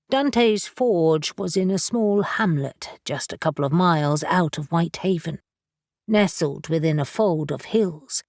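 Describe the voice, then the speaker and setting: A woman narrating an audiobook in a measured storytelling manner. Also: lowish voice, a little mellow, dry recording, clean studio sound. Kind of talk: scripted narration.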